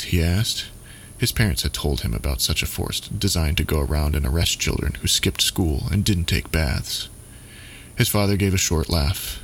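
A man narrating a dark story in a measured, steady way. His voice is very deep. He reads each line evenly. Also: slight background noise.

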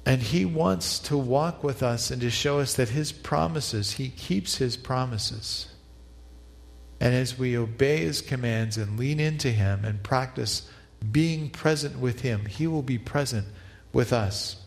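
A male pastor delivers a reflective sermon, pausing to lead the congregation in repeated prayer. His voice sits at an ordinary pitch for a man. It carries a long reverb, as if recorded in a large hall. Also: vocal fry.

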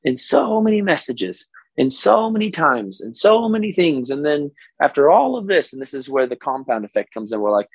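A hoarse man from Oklahoma hosting a casual solo podcast as a coach, energetic and stammering on repeated words. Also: medium pitch, normal speed, no room sound, poor audio. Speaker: podcast host and business coach.

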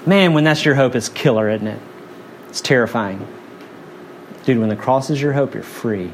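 A man preaching a sermon, earnest and conversational, stacking up repeated phrases. His voice sits at an ordinary middle pitch. A faint hiss runs underneath. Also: normal speed. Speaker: pastor.

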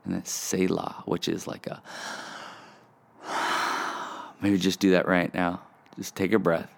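A man hosting a casual devotional podcast from his front porch, earnest and reflective in a conversational way. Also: fairly low pitch. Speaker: podcast host.

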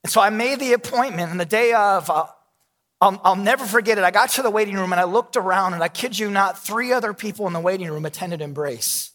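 A man's voice: high-pitched, quick pace, fairly bright tone, in a large hall. A man in his thirties, a pastor, preaching a sermon with candid, self-deprecating storytelling.

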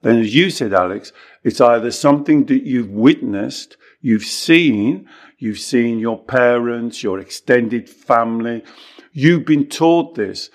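A man coaching and teaching in conversation, emphatic and lively, who often acts out what clients say. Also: medium pitch, takes it slowly. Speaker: coach explaining his self-inquiry technique.

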